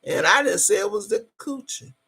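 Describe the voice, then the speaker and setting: A woman's voice: mid-range voice, animated, normal speed, fairly bright tone, husky. A woman hosting a livestream, talking brashly and profanely, boasting and laughing often as she greets her chat. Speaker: livestream host.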